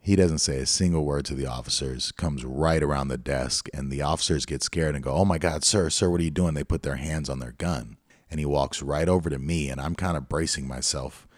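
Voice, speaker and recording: Deep voiced guy telling a story on his podcast, reflective, dry close sound. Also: steady tone, fairly quick, no echo. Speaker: podcast host. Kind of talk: storytelling monologue.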